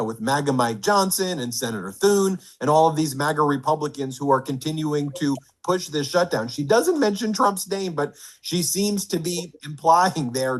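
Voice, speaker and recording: A man giving a political commentary monologue, reading quotes aloud in an indignant rush. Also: a little high.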